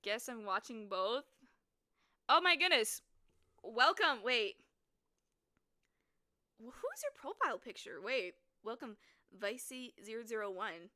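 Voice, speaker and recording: A woman streaming a story game, reading it aloud and chatting with viewers, quick to burst into excited exclamations. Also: a little high. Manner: excitable, breaks into squeals and exclamations.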